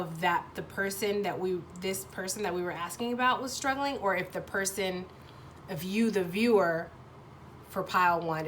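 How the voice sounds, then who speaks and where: A woman giving a pick-a-card tarot reading to viewers, thinking aloud in a halting way, restarting sentences as she searches for words and swearing freely. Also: lowish voice, fairly bright tone, slight background noise. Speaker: tarot reader.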